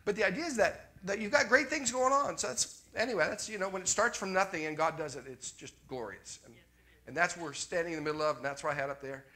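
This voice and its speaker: Animated preaching man, bright and forceful. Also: high-pitched, fast talker. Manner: animated, swings from loud exclamations to quiet asides. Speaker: pastor. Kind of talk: sermon.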